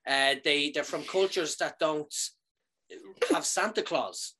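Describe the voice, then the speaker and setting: A man with a fairly high voice tells a funny story loosely and casually, keeping it animated and swearing freely. He often pauses to ask "right?" to keep the listener with him.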